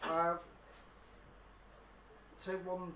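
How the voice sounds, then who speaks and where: A man playing a tabletop game who talks casually and hesitantly, often pausing with ums. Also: high-pitched, completely flat delivery, bright, forceful tone, a little hiss or hum. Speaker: player. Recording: echoey room from a distance, with people behind.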